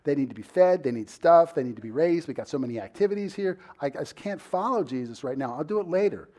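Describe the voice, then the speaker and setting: A man's voice: a little high, expressive, fast talker, mellow. A weary, harried churchgoer, played by a man, stammering through whiny excuses. The voice stays close to the man's everyday speaking tone. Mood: complaining.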